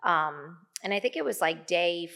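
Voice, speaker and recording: A woman's voice: lowish voice, animated, unhurried, gravelly, fairly bright tone. A middle-aged woman telling a personal story as a podcast guest, chatty, full of fillers, acting out what she and others said. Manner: chatty, many fillers, acts out her own quotes. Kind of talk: casual storytelling.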